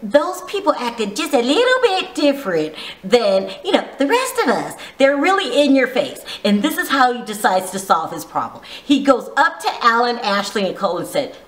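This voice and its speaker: A woman's voice: fairly high pitch, sing-song, moderate pace, echoey room. A woman giving a casual, gossipy recap of a reality show, teasing and full of asides. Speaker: vlogger reviewing a reality show.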